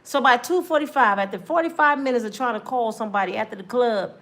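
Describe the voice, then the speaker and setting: Animated woman doing a comedic rant. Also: a little high, quick pace. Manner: animated, acts out scenes, swings between loud and hushed. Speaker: comedic talk show host. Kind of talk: comedic monologue.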